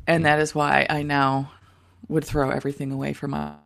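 A co-host in casual banter who laughs often and talks in quick bursts. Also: mid-range voice, level tone, gravelly, a bit bright.

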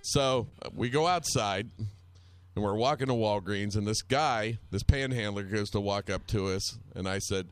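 Low-voiced man telling a profane story. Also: measured pace, smooth, dry recording. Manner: rambling, profane, wry anecdote telling. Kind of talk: casual storytelling chat.

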